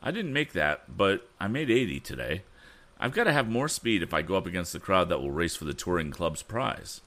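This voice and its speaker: A man's voice: deep voice, very animated, fairly quick, fairly bright tone. A man reading the part of a modest but determined young male inventor who speaks earnestly.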